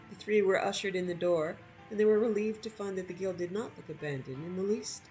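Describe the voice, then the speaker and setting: A woman narrating a story over gameplay in an expressive reading voice. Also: medium pitch, fairly quick, hardly any pauses, soft background music, poor audio.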